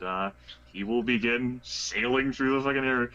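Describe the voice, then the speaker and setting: A man's voice: on the low side, level tone, moderate pace, pushed and bright. A man playing a tabletop game, casual and profane, laughing as he describes his character. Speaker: player. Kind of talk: casual tabletop role-play. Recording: dull lo-fi voice chat with faint noise.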